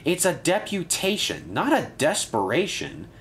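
A man's voice: fairly high pitch, wildly swooping pitch, moderate pace, a little hiss or hum, voice pushed up. A man voicing a kind, patient male tank engine. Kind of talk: storybook narration.

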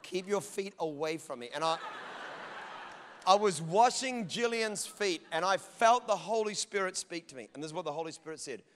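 A man's voice: high voice, animated, normal speed, a bit bright. A middle-aged male pastor preaching a sermon, telling funny stories and acting out bits of dialogue. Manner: humorous storytelling, acts out dialogue. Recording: long church hall reverb.

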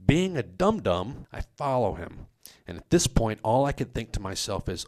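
A man telling a comic personal story on a podcast, animated and self-mocking, with his voice leaping up on quoted lines. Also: medium pitch, normal speed. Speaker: comedic storyteller.

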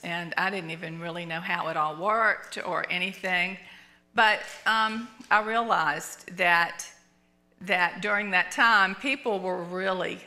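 An older woman teaching in church, telling a personal story in an animated way, acting out what people said. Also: mid-range voice. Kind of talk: storytelling sermon. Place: church sanctuary.

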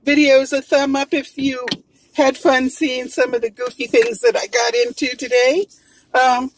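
Brief: middle-aged woman, relaxed unhurried delivery, somewhat high voice, giggly chatty vlogger. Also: dry recording, rough recording. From Hawaii. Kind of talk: casual mukbang vlog. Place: home, then in a car.

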